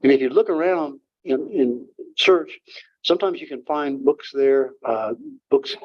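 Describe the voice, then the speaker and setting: Older man, guest author, informal talk, halting, many fillers, dull lo-fi sound. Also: mid-range voice, expressive. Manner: rambling, halting, many "uh"s and restarts. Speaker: guest author speaking to an audience. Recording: dull lo-fi room recording.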